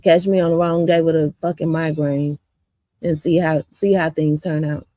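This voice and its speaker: A woman's voice: low-pitched, little pitch movement, moderate pace, warm tone, no room sound. A woman from Chicago's south suburbs, a community vlogger, telling her viewers a story in a blunt, profane, rambling way with lots of fillers.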